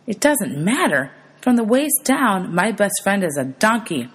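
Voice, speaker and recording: A woman's voice: mid-range voice, very animated, a little slow, breathy edge, voice pushed up. A woman reading aloud, voicing a bewildered teenage boy who fires off incredulous questions.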